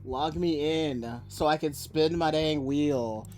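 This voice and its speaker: A man's voice: on the high side, slow, soft background music. A man streaming a game with a friend, chatting casually, laughing often and talking to himself as he plays. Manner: laughs often, excitable, talks to himself while playing. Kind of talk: casual gaming stream chat.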